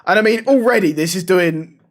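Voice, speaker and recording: Animated high-voiced man. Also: fairly quick. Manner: swears a lot, animated storytelling. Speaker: streamer and podcast host. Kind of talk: casual live-stream chat.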